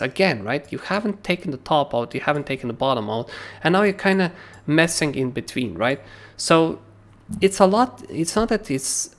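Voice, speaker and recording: Male livestream host with a gravelly voice; loose, animated trading commentary. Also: mid-range voice. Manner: animated, keeps asking "right?", swears casually. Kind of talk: casual chart analysis on a livestream.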